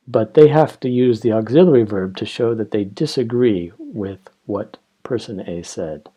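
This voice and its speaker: A man with a mid-range, mellow voice that has a breathy edge teaches English grammar in an animated way. He explains things slowly and carefully, reading example sentences and dialogues aloud.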